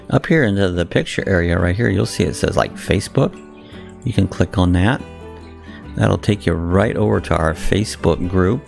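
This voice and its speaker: Male host, deep gravelly voice, plain explainer tone, soft guitar underneath. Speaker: channel host. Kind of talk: casual channel outro. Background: faint guitar music.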